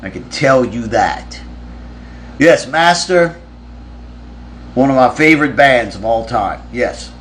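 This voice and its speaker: Male streamer, casual profane storyteller, middle pitch, light background noise. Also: lively intonation, slow, pauses often, a bit bright. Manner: rambling, profane, with frequent restarts. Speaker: musician answering fan questions on a live stream.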